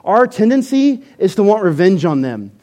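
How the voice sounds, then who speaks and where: Male preacher, animated and emphatic, voice a touch high. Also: normal speed. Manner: animated, emphatic, repeats words. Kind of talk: sermon.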